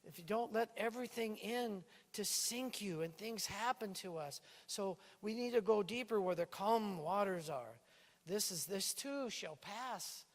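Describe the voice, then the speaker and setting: A male pastor preaching a sermon in a church, lively and playful, with a stage microphone. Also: high voice, unhurried. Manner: lively preaching with playful put-on island lilt. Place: church sanctuary. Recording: reverberant church hall.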